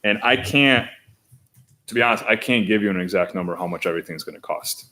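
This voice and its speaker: A man at a school board meeting, explaining budget figures and talking his way through them with restarts and pauses. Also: lowish voice, sharp tone. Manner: hesitant, thinking aloud with restarts. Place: meeting room.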